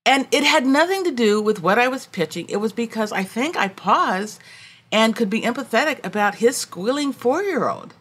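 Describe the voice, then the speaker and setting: A woman's voice: a little high, moderate pace, husky. A woman hosting a casual conversation, animatedly telling stories and acting out the people in them. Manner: animated storyteller, acts out quotes.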